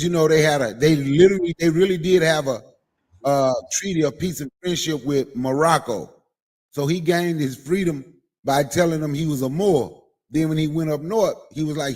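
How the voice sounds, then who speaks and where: A man's voice: on the high side, a little mellow. A man from Mississippi presenting history in a laid-back, casual way, with Southern vernacular. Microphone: online call.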